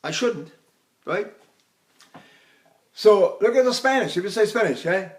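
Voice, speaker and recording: A man's voice: animated, unhurried. A man, an older voice teacher, giving a lecture on vocal technique and stopping to sing short demonstration phrases and syllables. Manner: breaks into sung and falsetto-high demonstration phrases.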